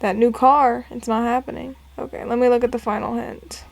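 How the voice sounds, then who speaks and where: A woman's voice: fairly high pitch, steady tone, fairly quick, vocal fry, no echo. A woman casually commenting and reading aloud while playing a puzzle game, chatty and self-deprecating. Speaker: gameplay narrator. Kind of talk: casual let's play commentary.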